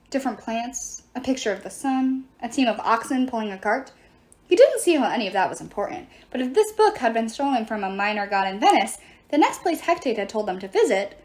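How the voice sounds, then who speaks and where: Woman audiobook reader, expressive, fairly high, lively. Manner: expressive, acting out each character. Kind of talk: storybook narration.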